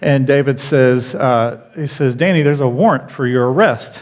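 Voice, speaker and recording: A man, a pastor, telling a story in a sermon and getting animated as he retells his outrage. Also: mid-range voice, moderate pace, background noise. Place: church auditorium. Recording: church hall reverb.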